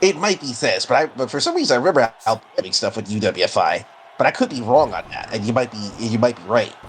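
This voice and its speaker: A man's voice: mid-range voice, animated, quick pace, rough recording. Conversational male co-commentator, mid voice, slight hiss behind. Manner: conversational, corrects and recalls details. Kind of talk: casual commentary on a simulated wrestling game.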